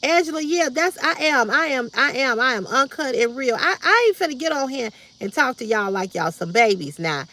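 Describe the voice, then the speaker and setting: A woman's voice: high voice, animated, moderate pace, hardly any pauses, sharp tone. A woman, hosting a casual livestream, answering comments bluntly and directly with preachy repetition. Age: 50s. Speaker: livestream host.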